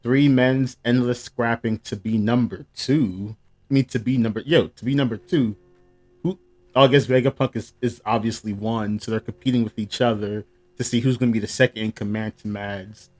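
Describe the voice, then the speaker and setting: A man's voice: medium pitch, fairly even intonation, normal speed, darkish tone, faint music behind. A man hosting a casual live reaction, reading the panels aloud between his own comments. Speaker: manga reaction host.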